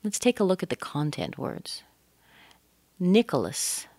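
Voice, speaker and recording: Low-voiced middle-aged lady coaching pronunciation, slow and careful, dry close sound. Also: big pitch swings, darkish tone, no echo. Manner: models rhythm with sung-out syllables and slow, stretched words. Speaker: English pronunciation teacher. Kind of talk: accent lesson.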